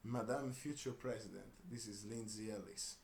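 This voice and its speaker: A man's voice: lowish voice, normal speed, a little mellow, close to an everyday voice. A man voicing a domineering woman boss who barks orders in a commanding manner. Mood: bossy. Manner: bossy, commanding. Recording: roomy room with faint hiss.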